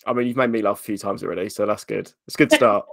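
A man's voice: lowish voice, racing, vocal fry, a bit bright, no room sound. Eager man hosting a podcast, dry sound. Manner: eager, stumbling restarts. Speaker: podcast host. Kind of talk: casual interview chat.

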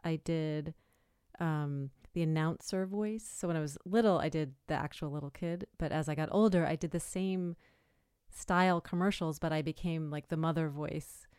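A woman hosting her own podcast in a loose, rambling style, often going back to correct herself. Her voice is smooth and resonant and sits on the lower side for a woman. The sound is dry and close. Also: normal speed, darkish tone, dry recording. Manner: chatty, rambling, self-correcting. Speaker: podcast host and voiceover artist. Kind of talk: casual solo podcast talk.

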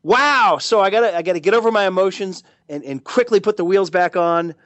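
A man chatting as a guest commentator on a podcast, excitable and rambling, joking as he goes. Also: high voice, fast, dry recording, dull audio. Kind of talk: casual podcast chat.

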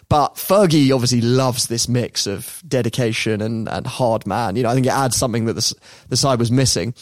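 A man hosting a podcast, telling a story in a lively casual way and often laughing. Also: mid-range voice, dry recording, studio quality. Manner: lively, laughs often, mimics people in quotes.

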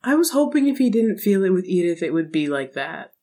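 A woman's voice: lowish voice, sing-song, brisk, dark tone. A woman co-hosting a podcast, chatting casually about a reality dating show and dropping dry, wry comments. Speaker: podcast co-host. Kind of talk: casual reality-TV recap chat.

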